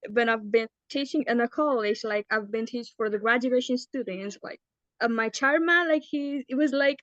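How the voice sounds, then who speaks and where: A woman from Andhra Pradesh speaks as a student, hesitating often. Her voice is high, and the recording sounds dry and dull with no room. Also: moderate pace, a bit bright, dry recording. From Andhra Pradesh, India. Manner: hesitant, many fillers.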